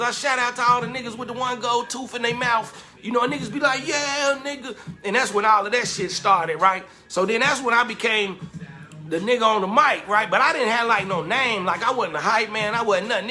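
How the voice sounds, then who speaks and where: A man casually telling a lively, slangy story about his club days and acting out the quotes. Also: very high-pitched, fairly quick, faint music behind. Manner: animated, slangy, acts out quotes with laughter.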